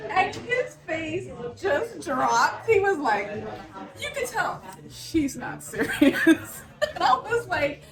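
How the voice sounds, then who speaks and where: A woman's voice: very high-pitched, slow pace, recorded from a distance. A woman with a New Jersey accent, a realtor co-hosting a casual podcast in a cafe, telling stories with enthusiasm. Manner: enthusiastic, animated storytelling. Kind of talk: casual chat. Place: busy cafe. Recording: echoey cafe with music and chatter.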